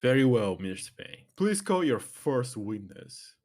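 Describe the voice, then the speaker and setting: A woman voicing a stern elderly male courtroom judge in a game, speaking in formal, deliberate pronouncements. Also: a bass voice, very animated, a little mellow, a little hiss or hum, voice pushed down, heavily acted.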